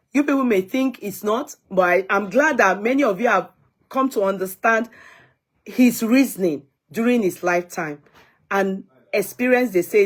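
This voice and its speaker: A woman's voice: medium pitch, breathy edge. A Nigerian woman vlogger chatting casually to her viewers, answering commenters and slipping in Yoruba phrases.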